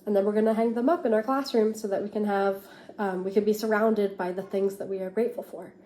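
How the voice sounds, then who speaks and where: A woman teacher reading a picture book aloud to a class with expressive, lively storytelling, then explaining an activity. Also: medium pitch, quick pace, echoey room.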